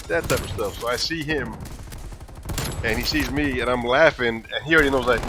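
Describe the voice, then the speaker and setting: A young man in his twenties telling a funny, profane story from school in a casual, animated way. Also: medium pitch, quick pace, noisy background. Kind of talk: casual storytime over gameplay.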